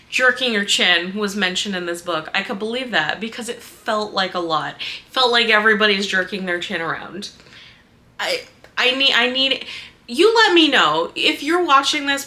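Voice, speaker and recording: A young woman chats straight to the camera about a book she just finished. Her voice sits a little high and sounds bright and forward. She rambles and loops back on her points in an easygoing vlog manner. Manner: chatty, rambling, repeats herself. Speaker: book reviewer. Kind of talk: casual vlog chat.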